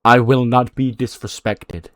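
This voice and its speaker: A man voicing a smug, measured male wrestling champion who speaks slowly and with condescension. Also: medium pitch, steady tone, fairly bright tone, dry recording, clean studio sound, close to an everyday voice. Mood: condescending. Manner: slow, deliberate, condescending.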